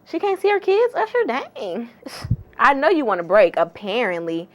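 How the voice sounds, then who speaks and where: A woman's voice: fairly high pitch, sing-song, moderate pace. A woman hosting a casual gossip vlog, chatty and sassy, with slangy, exclamatory asides. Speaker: entertainment gossip host.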